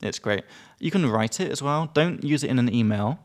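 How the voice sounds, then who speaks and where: A chatty man co-hosting a relaxed language podcast. He has a mid-pitched voice and sounds upbeat, and he explains each word with quick everyday examples. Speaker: podcast co-host. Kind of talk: casual language-learning podcast chat.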